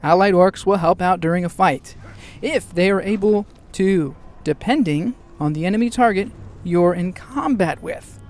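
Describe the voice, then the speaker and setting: A man hosting a casual game news show, excitable and jokey, tossing in quick asides. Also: high voice. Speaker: gaming news host.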